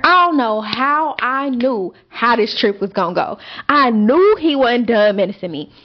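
A young adult woman with a slightly high voice hosts a podcast, recorded with lo-fi sound. She tells a story casually and animatedly, rambling with lots of fillers and swearing.

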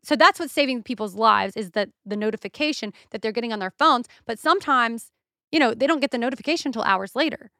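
Woman podcast host, young adult, bright tone, dry close sound, swears freely. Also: fairly high pitch, fast, no room sound. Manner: profane, animated storytelling. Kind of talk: casual solo rant.

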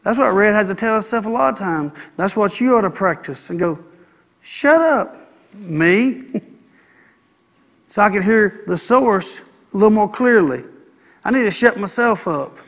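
A middle-aged pastor preaches a folksy, conversational sermon with playful asides. His voice sits high for a man and carries a gravelly, fry-edged grain. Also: animated, normal speed, a bit bright.

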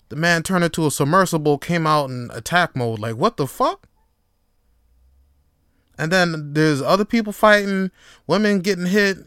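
A man hosting a solo podcast, talking in a casual, profane, rambling way that swings between quiet reflection and animated storytelling. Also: high voice, clear, resonant tone, no echo, clean studio sound. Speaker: podcast host.

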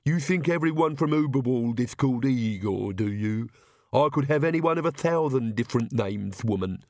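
A man voicing a haughty, grumbling male castle servant who speaks slowly. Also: mid-range voice, expressive, darkish tone, dry recording, close to an everyday voice.

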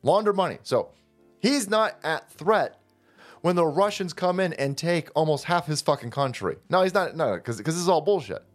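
A man's voice: on the high side, animated, moderate pace, faint music behind. A man hosting a profane political rant, sarcastic and combative in manner. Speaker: political commentary host.

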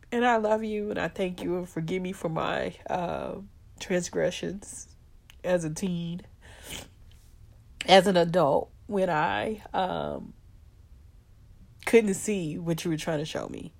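A middle-aged woman telling a personal story in a heartfelt, emotional way, pausing often with fillers and addressing her listeners as y'all. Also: fairly low pitch, vocal fry, darkish tone.

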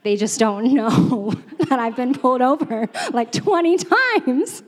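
A young woman preaching with a chatty, self-mocking story, laughing often and leaning on fillers. Her voice sits fairly high. Long reverb trails off each phrase, as in a large church hall. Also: big pitch swings, slow. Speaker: church staff speaker. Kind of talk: storytelling sermon.

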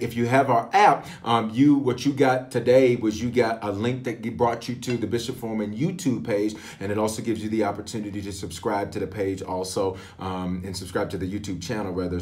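A man, a pastor leading an online prayer hour and greeting viewers with lively call-and-response. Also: fairly low pitch. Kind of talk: livestream prayer hosting.

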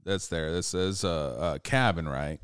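A man's voice: low voice, measured pace, clean tone, no echo, clean studio sound. A man casually telling an urban legend story, rambling and swearing often, with laughs between lines.

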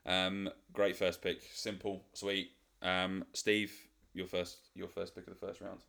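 A man's voice: sits low, completely flat delivery, gravelly, sharp tone. A man hosting a casual podcast chat, laughing and bantering with his guests. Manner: laughing, swearing, quick banter. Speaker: podcast host.

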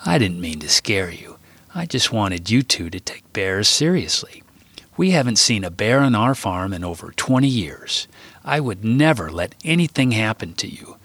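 A man voicing a stern old grandfather who lectures slowly and gravely in a storybook reading. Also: lowish voice, lively intonation, a bit bright, no echo. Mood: calm. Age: older. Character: stern old grandfather warning about bears.

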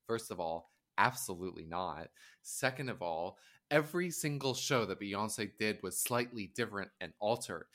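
A man's voice: lowish voice, fairly bright tone. A man co-hosting a podcast in casual chat, ranting with heavy swearing and sarcasm. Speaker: podcast co-host.

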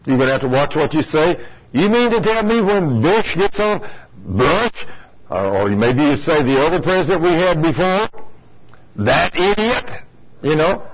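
This preacher's voice is fairly high and expressive, and he takes his time. Heard over a lo-fi radio broadcast, he delivers a folksy sermon aimed squarely at his congregation, playing the part of complainers along the way.

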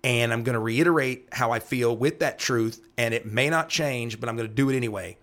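An earnest man talks through the scripture as a pastor. He repeats key phrases and checks in with a quick "right?" as he works through each verse. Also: mid-range voice, fairly bright tone. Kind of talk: devotional Bible teaching talk.

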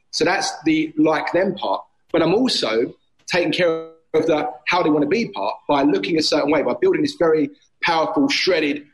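This low-quality recording captures a man with a fairly high voice, a personal trainer and gym owner, chatting on a podcast from a street. He's an animated storyteller who acts out gym banter, with faint street noise in the background.

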